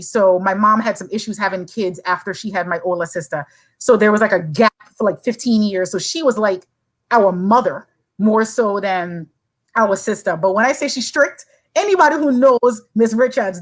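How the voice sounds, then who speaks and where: A woman's voice: mid-range voice, low-quality recording. A woman from Saint Croix, talking as a podcast guest in an earnest, encouraging way. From Saint Croix, U.S. Virgin Islands. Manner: earnest, encouraging, talks in long runs. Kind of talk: casual chat.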